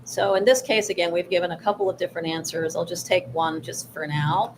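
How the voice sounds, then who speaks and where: A woman co-hosting a workshop on pitching investors, talking in a measured, advisory way with frequent fillers. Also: fairly even intonation, background noise. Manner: measured, advisory, with many "you know" fillers. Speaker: workshop co-host.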